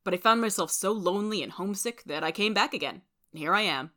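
A woman's voice: mid-range voice, lively intonation, fast, sharp tone. A woman voicing an earnest, proud young suitor in a storybook reading.

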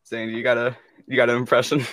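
A man with a bright voice co-hosting a comedy podcast. He talks in an easygoing, slightly hesitant way, recorded dry and close. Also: medium pitch, completely flat delivery, fast, dry recording. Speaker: podcast co-host. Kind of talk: casual comedic chat.

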